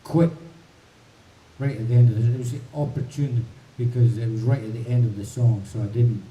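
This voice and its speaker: Male musician host, mellow dark voice, rambling chat, mic set back in a roomy space. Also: mid-range voice, steady tone, normal speed. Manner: rambling, chatty, thinks aloud. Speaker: musician hosting a livestream. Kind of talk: casual chat between songs. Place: home in the mountains. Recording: roomy, distant mic, faint hiss.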